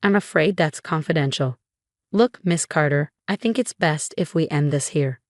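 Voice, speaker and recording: A woman voicing a cold, businesslike female job interviewer in her forties who speaks in a crisp, formal way. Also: low-pitched, moderate pace, darkish tone, no room sound, studio quality, close to an everyday voice. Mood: dismissive.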